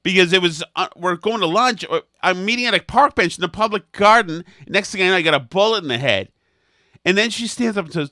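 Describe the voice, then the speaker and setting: Casting: male podcast co-host, bright tone, dry close studio mic, rambling comic storyteller. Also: sits high, expressive, brisk, dry recording. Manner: rambling, self-mocking anecdotes. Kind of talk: comedic storytelling chat.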